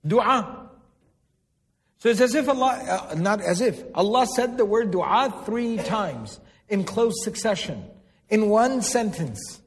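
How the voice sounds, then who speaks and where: A man's voice: high voice, expressive, takes it slowly. A man giving a religious lecture to a live audience, quizzing them and repeating key words for emphasis. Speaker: religious teacher. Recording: long hall reverb.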